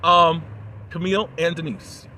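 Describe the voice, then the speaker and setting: A man with a fairly high voice recaps a reality show in a casual, chatty way. He is sassy and opinionated, and he talks straight to his viewers. A faint hiss of noise sits behind him. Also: flat delivery, unhurried, pushed and bright.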